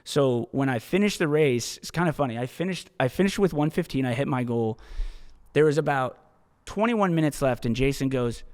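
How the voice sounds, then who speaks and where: A man hosting a solo podcast, telling a story in casual, profane, animated monologue. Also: a little high, fairly quick, long reverb tail. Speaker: podcast host.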